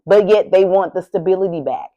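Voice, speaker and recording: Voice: mid-range voice, a little fast, muffled recording. Blunt, profane tarot reader ranting. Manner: blunt, heavily profane and emphatic; heated, ranting delivery. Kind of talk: casual tarot reading to camera.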